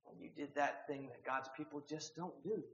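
A man preaching a sermon, swinging from hushed, quiet lines to loud, emphatic ones. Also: a little high, normal speed, echoey room, lo-fi sound.

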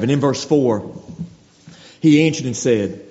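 In a sermon delivered conversationally, a man with a mellow, mid-range voice speaks at a normal pace. He keeps restarting his phrases and acts out quotes, and the recording sounds dull, with a long hall reverb.

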